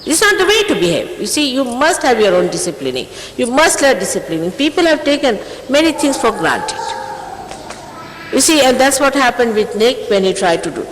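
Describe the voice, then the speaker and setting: A stern spiritual teacher in her sixties scolds her followers, pressing emphatic rhetorical questions in a reproachful tone. Her voice is a little high and very animated at normal speed. The 1980s archive tape has a little hiss or hum, with faint ambience and long reverb from an echoey hall.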